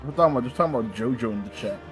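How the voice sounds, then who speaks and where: A man's voice: medium pitch, animated, rapid-fire, faint music behind. A man streaming a game live, reacting and chatting casually with loose, profane banter. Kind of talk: casual live gameplay commentary.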